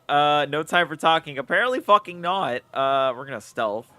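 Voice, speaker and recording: A man's voice: on the high side, expressive, normal speed, few pauses, bright, forceful tone, dry recording. A man streaming a game, chatting casually with lots of swearing, self-mocking jokes and laughter. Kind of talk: casual gameplay commentary.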